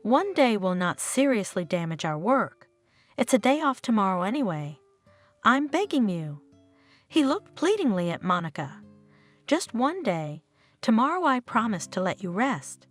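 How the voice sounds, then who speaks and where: A woman's voice: mid-range voice, sing-song, unhurried. A woman voicing an earnest, pleading husband in a narrated story, over faint background music. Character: gentle pleading husband and father.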